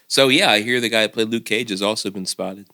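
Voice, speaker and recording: A man's voice: fairly low pitch, sharp tone. A middle-aged man co-hosting a podcast in casual chat, talking bluntly, cursing freely and chiming in often. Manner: blunt, profane, quick to chime in. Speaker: podcast co-host.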